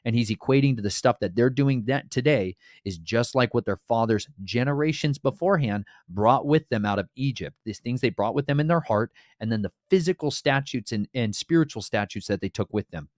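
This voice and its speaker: A man giving a casual, animated Bible teaching who talks straight to listeners and acts out the voices he quotes. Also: mid-range voice, brisk, hardly any pauses, no room sound, studio quality.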